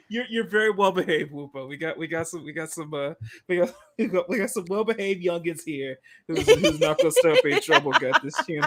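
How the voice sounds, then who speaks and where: A man hosts a live stream with a high, bouncy voice that jumps all over the place. He sounds giggly and excitable as he greets the chat one name after another. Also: brisk. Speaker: streamer host.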